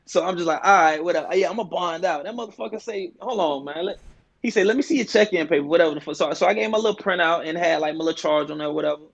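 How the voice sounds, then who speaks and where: A man's voice: fairly high pitch, very fast, vocal fry, fairly bright tone, lo-fi sound. A man telling jail stories in loose, profane street slang, full of restarts and repeats, as a podcast guest. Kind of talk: casual storytelling chat.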